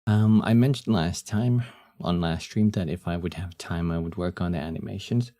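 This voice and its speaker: A young man chatting casually on a live stream, with a deep, husky morning voice and a laid-back way of talking, often trailing off with fillers. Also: fairly even intonation, normal speed, mellow.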